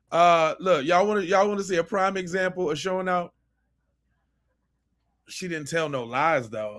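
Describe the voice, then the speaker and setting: A man's voice: high voice, a little slow, pauses often. A man hosting a podcast, reacting to clips with emphatic, profane commentary. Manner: animated, emphatic, swears freely. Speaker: podcast host.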